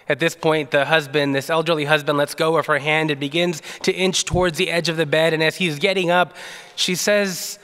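A male pastor delivering a sermon in a relaxed, conversational way, telling a story with frequent fillers. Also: fairly high pitch, a little fast, smooth, long reverb tail.

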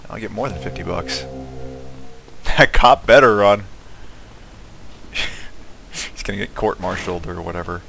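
Gravelly, easygoing gamer talking. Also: male voice, sits low, measured pace, long pauses, fairly bright tone. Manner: joking, laughing at his own mishaps. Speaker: let's play gamer. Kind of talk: casual gameplay commentary.

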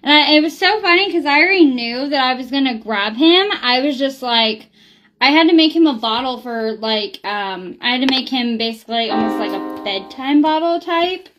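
High-voiced chatty woman vlogger. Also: expressive, normal speed, fairly bright tone, faint music behind. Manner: rambling, many ums and likes. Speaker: beauty product reviewer. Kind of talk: casual chatty vlog.

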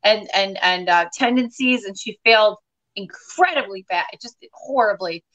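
A middle-aged woman from Detroit, a comedian chatting in an interview, telling stories in an animated, quick way. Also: medium pitch, highs cut off. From Detroit, USA. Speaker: comedian, guest. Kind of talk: casual interview chat.

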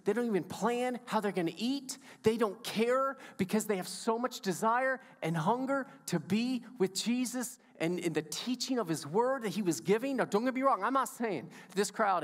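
A male pastor preaching a sermon with a playful, enthusiastic manner and chatting with his congregation. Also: high-pitched. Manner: enthusiastic, playful, audience interaction. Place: church sanctuary. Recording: long church hall reverb.

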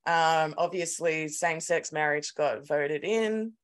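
An Australian woman co-hosting a podcast, telling a story in an animated, sweary, casual way. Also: low voice, slow. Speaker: podcast co-host. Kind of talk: casual chat.

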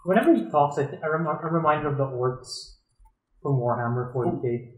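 A man's voice: fairly high pitch, a little fast, roomy sound, rough recording. Blunt, teasing man gaming. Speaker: gamer, show regular. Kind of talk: casual gaming chat.

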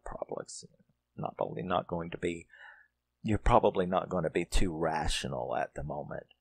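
Casual male film reviewer, fairly low voice, profane and rambling, dry close recording. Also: vocal fry, no room sound. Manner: rambling, profane, reenacts characters' lines. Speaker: horror movie reviewer.

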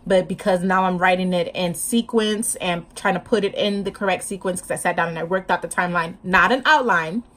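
A woman's voice: on the low side, fairly quick, few pauses, fairly bright tone. A woman vlogging casually to camera about her writing, hyper and chatty, laughing often, talking with her hands, a bit sleep-deprived.

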